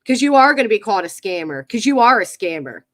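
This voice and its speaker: A woman hosts a livestream commentary channel, mocking and exasperated as she talks to her viewers and chat at a computer, using a computer mic. Her mid-range voice is sing-song and fast. The recording is dry.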